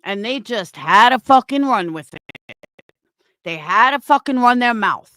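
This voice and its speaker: Furious swearing woman, lively high voice. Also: a little slow, no room sound. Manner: furious, swears constantly, repeats herself. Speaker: livestream host reading chat. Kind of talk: angry livestream rant.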